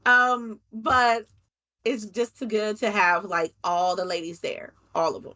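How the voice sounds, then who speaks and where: A woman talking in a relaxed, chatty way as a guest on a gaming talk show. Her voice sits at an ordinary middle pitch. She sounds eager and excited. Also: a little slow. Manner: chatty, excited, warm about friends. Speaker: podcast guest, gaming creator. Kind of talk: casual interview chat.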